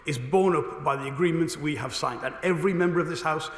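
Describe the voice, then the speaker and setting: A man, a government minister, answering questions in a parliamentary debate with a brisk, assured delivery and a slightly hoarse voice. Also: fairly high pitch. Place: debating chamber. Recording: echoey chamber with long reverb.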